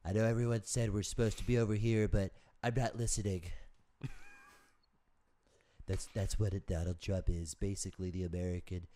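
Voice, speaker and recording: A brash male president who wanders through his thoughts, stopping and restarting mid-sentence, as a man puts him on for a podcast bit. The voice sits fairly low and keeps an everyday sound. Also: little pitch movement, warm tone, natural voice. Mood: rambling. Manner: rambling, halting, self-interrupting. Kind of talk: comedic impression on a podcast.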